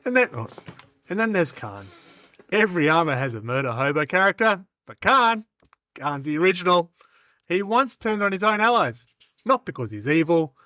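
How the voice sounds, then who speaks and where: A man co-hosting a podcast, delivering a hammy mock recruitment pitch with bursts of shouting and laughter, slightly hoarse. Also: no echo. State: slightly hoarse after illness. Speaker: podcast co-host.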